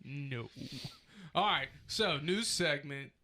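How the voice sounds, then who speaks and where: A man's voice: fairly high pitch, expressive, slow pace, bright, forceful tone, slight background noise. A man hosting a casual podcast chat, joking and laughing with his co-hosts. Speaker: podcast host.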